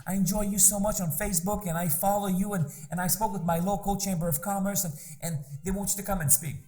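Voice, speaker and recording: A man voicing an eager young male fan who stammers and rushes his words. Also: high-pitched, fairly even intonation, mellow, soft background music, lightly acted.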